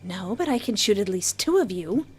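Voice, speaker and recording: A woman's voice: medium pitch, very animated, normal speed, darkish tone, husky. A woman reading as a stern mine boss. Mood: commanding. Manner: curt and commanding.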